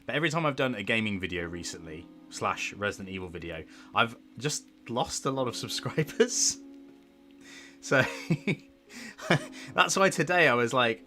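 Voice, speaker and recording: A man's voice: lowish voice, animated, normal speed, pushed and bright, soft background music. A man streaming from home, chatting casually with a rambling, self-deprecating manner. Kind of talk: casual livestream chat.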